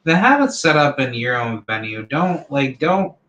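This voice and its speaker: A man's voice: mid-range voice, animated, moderate pace, a bit bright, highs cut off, a little hiss or hum. A man in his thirties hosting his own channel, giving a rambling, blunt opinion monologue packed with fillers. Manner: rambling, full of fillers like "you know" and "like". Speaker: channel host.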